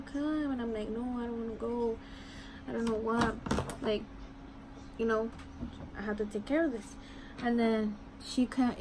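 Chatty young woman with a noisy background. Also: on the high side. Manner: rambling, lots of "like" and "I'm like". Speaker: vlogger. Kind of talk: casual storytime chat while doing makeup. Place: home. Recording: noisy room ambience.

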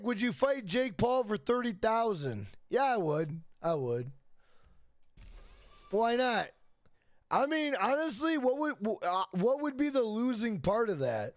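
A man's voice: high-pitched, very animated, takes it slowly, a little hiss or hum. A young man streaming a game, chatting loosely with profanity, repeating himself and reading chat questions aloud. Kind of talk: casual live stream chat.

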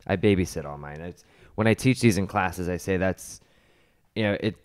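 A man co-hosting a hairdressers' podcast in casual chat, explaining techniques in a measured, teacherly way. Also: low-pitched, clean tone. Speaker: hairstylist co-host and colour educator.

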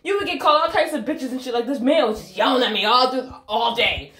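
A young adult woman vlogger chats casually to her phone camera in an echoey bathroom, swearing freely. Her high voice is animated, fast, and fairly bright.

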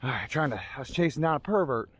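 A man's voice: medium pitch, animated, fast talker, a bit bright, a little hiss or hum. A man telling a comic story outdoors on park trails, out of breath and rambling with mock outrage. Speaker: vlogger. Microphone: handheld camera.

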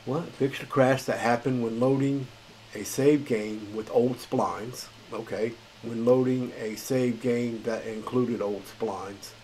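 A man's voice: medium pitch, fairly even intonation, takes it slowly, darkish tone, slight background noise, poor audio. A man hosting a gaming channel, reading patch notes in a tired, rambling, casual way. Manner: rambling, filler-heavy, chuckles at himself. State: tired late at night.

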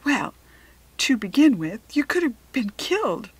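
A woman reading a storybook and voicing an earnest young farm girl, with a breathy, eager and questioning manner. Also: high-pitched, very animated, a little slow, dry recording, pitched above the performer's own voice, full character voice, low-quality recording.

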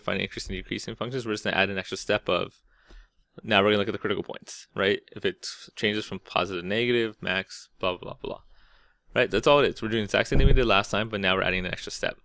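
A man's voice: fairly low pitch, very fast, creaky, a bit bright, no room sound, studio quality. A man teaching a math lesson, explaining step by step in a casual way and often checking in with "right?". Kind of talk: classroom lecture.

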